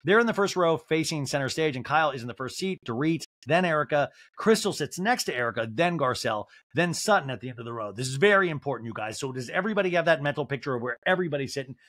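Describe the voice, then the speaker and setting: A man's voice: a little high, expressive, quick pace, hardly any pauses, fairly bright tone, no room sound, clean studio sound. A man hosting a podcast, giving a rambling, comedic recap of a reality show with lots of fillers like "like". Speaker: podcast host.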